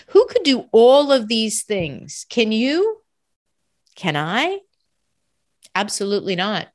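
A woman giving an earnest devotional reflection on scripture, with rhetorical questions and prayerful asides. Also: medium pitch. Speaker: Catholic speaker reflecting on scripture.

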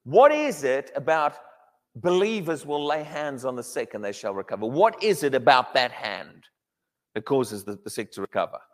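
A man preaching a sermon, emphatic and animated, often restarting his words as he builds a point. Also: mid-range voice, normal speed, in a large hall.

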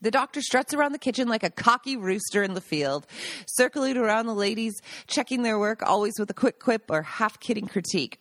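A woman's voice: medium pitch, expressive, a little fast, no room sound. A woman podcast host reading a chapter from her own book aloud, breaking off for laughing side notes.

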